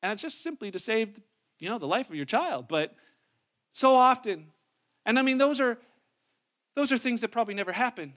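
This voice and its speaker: A man's voice: very high-pitched, lively intonation, normal speed, long pauses, fairly bright tone. A pastor preaching a conversational sermon, acting out the people he quotes with different voices.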